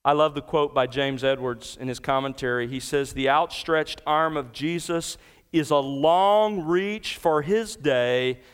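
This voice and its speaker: A pastor delivers an expository sermon, moving emphatically through the verses. His voice swells on key points and drops low when he quotes. His tone is clear, resonant, and fairly bright.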